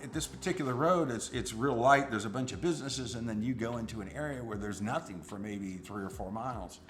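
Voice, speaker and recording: A middle-aged man, a rideshare driver, telling a personal story in an animated, suspenseful way. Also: medium pitch, a little fast, slight background noise.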